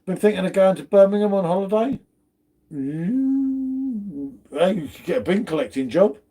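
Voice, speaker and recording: High-voiced man bantering on a live stream. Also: expressive, fast talker, dark tone. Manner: banterous, swears, chats to viewers. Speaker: beer channel host. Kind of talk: casual live stream chat.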